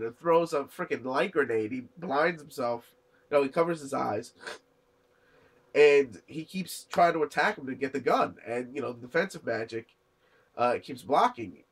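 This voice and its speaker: Rambling young man recapping an anime. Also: fairly high pitch. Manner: rambling, many fillers and restarts, acts out quotes. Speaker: anime reviewer. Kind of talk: casual episode recap.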